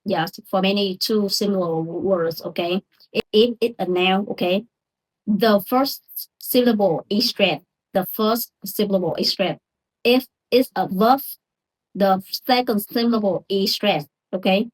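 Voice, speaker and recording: A young woman who is not a native English speaker talks through a casual lesson at a very slow, careful pace. She repeats each word several times and keeps checking in with the listener. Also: medium pitch, husky, rough recording. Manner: slow and careful, repeats words and says "okay?" often. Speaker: English learner teaching word stress.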